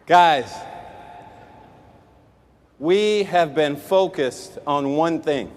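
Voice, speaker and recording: A man's voice: on the high side, extremely slow, darkish tone. A man giving a fired-up motivational speech as a sales executive at a company event, out of breath and emphatic. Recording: echoey large hall with music.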